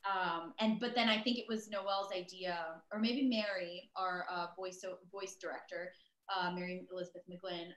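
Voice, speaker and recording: A woman's voice: on the low side, fairly even intonation, normal speed, a bit bright. A woman in her thirties, a voice actress guest, chatting casually over a video call with lots of fillers and self-deprecating asides. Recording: roomy echo.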